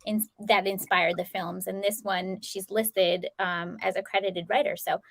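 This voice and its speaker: A woman's voice: mid-range voice, fairly even intonation, unhurried, fairly bright tone, dry recording. Female co-host, inquisitive, casual chat, dry recording. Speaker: podcast co-host.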